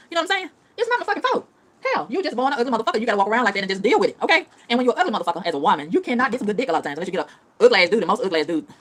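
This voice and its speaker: A woman's voice: fairly high pitch, fairly bright tone. A woman ranting casually to her audience in a profane, emphatic style, repeating phrases for punch. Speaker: vlogger. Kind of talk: casual rant to camera.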